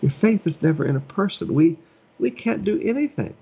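Gravelly-voiced earnest preacher man. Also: fairly high pitch, animated, a little fast, mellow, dull audio. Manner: earnest, conversational, emphatic repetitions. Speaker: pastor. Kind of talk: preaching a sermon from home.

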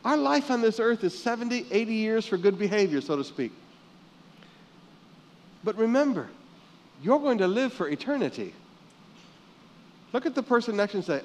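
A male pastor from the Philippines preaching a sermon, swinging from hushed lines to loud ones and calling on the congregation to answer back. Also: high-pitched, big pitch swings, a little slow, long pauses. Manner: calls out for congregation responses.

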